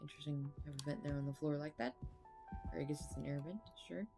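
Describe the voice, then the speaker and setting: A woman's voice: low-pitched, fast talker, gravelly, over music. A woman playing a video game, making casual, swearing comments to herself. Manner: casual, swearing, laughing asides. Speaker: gamer. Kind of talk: let's-play commentary.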